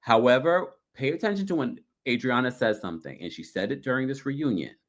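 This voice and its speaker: A man hosting a casual livestream recap, gossiping and reading viewer comments, often mimicking people in high voices. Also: lively intonation, fairly quick. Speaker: recap show host.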